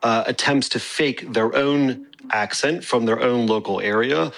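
An American man, an academic guest, explaining his research in a measured, explanatory way. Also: mid-range voice, creaky, a bit bright, poor audio. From North America. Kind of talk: expert interview.

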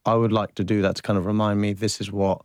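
A man speaking as a radio interview guest, earnest and halting as he searches for words in front of a studio microphone. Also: fairly low pitch, flat delivery, no echo. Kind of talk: reflective radio interview talk.

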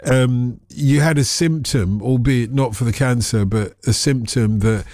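A man's voice: mid-range voice, unhurried, a little mellow, no room sound, studio quality. A man hosting a radio phone-in, sympathetic and encouraging toward a caller.

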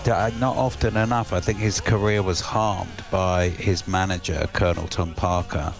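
Male co-presenter, very low gravelly voice, opinionated and halting, faint music under. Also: steady tone. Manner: opinionated, halting, restarts often. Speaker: radio co-presenter. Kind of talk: casual radio chat.

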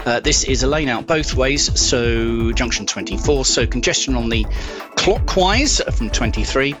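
A man reading a brisk radio traffic and rail report from a list. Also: medium pitch, expressive. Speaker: travel news reader. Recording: radio studio with music bed. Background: music.

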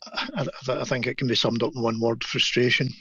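A community activist, a man, speaking as a radio guest over a dull, lo-fi remote line. He sounds earnest, starts a little haltingly, then settles in. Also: mid-range voice, fairly even intonation, pushed and bright, slightly rough, no room sound. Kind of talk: radio interview.

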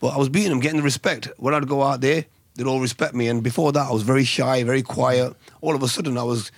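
A middle-aged man recalls his boxing career in an earnest, measured way, with a few "uh"s along the way. His voice sits in an ordinary middle range. The sound is dry and close. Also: medium pitch, fairly even intonation, gravelly, no room sound. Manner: earnest, measured, some hesitations. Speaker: former boxer, guest. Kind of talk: interview answers, storytelling.

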